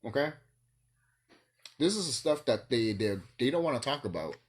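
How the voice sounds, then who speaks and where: A man's voice: mid-range voice, lively intonation, moderate pace. A man vlogging in a rambling solo monologue, ranting and swearing, with bursts of laughter.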